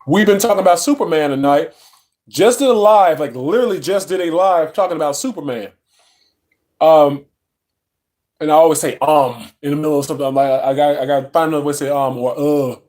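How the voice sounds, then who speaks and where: A man with a fairly high voice hosts a loose live stream recorded on his phone. He chats with viewers, greets them by name and trails into ums and restarts as he talks. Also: brisk, darkish tone. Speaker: livestream host. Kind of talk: casual live-stream chat. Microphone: phone mic.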